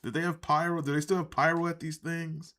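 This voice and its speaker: A man with a somewhat high voice rants through a casual live reaction stream. He is sarcastic and swears freely, drifting off into rambling asides. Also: little pitch movement, a little fast, a bit bright. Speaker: livestream host reacting to wrestling.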